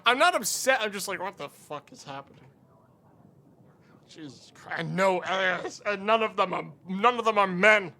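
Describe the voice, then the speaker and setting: Bright-voiced joking male streamer. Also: high voice, unhurried. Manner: profane, joking, rambling. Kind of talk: gameplay commentary.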